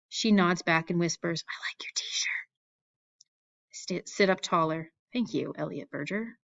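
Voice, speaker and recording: Woman reading a kid's school story, low-ish voice, wry and jittery, dull sounding audio. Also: fairly bright tone. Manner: wry, anxious storytelling of a young boy's thoughts. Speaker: audiobook narrator. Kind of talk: first-person audiobook narration.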